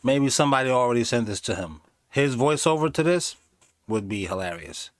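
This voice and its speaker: A man doing casual live commentary on videos, animated and sarcastic, slipping into mocking voices. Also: medium pitch, a little fast, dry recording, studio quality. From inner city. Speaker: streamer reacting to videos.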